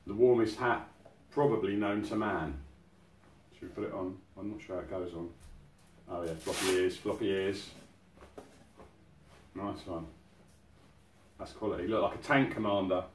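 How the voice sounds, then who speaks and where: A man's voice: deep voice, moderate pace, long pauses, slight background noise. A man hosting an outdoors channel, chatting casually through an unboxing and exclaiming in amazement at each item. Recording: roomy sound from a distant mic.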